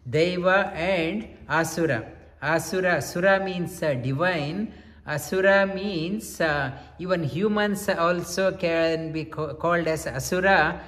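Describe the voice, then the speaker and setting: High-voiced man giving a slow scripture lecture. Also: a bit bright, long reverb tail. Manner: repeats key phrases emphatically, weaves in Sanskrit terms. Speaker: spiritual teacher.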